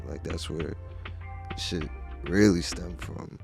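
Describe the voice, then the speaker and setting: A man's voice: deep voice, flat delivery, normal speed, creaky, a little mellow, faint music behind. A man in casual podcast chat, telling stories in an easygoing way and swearing casually.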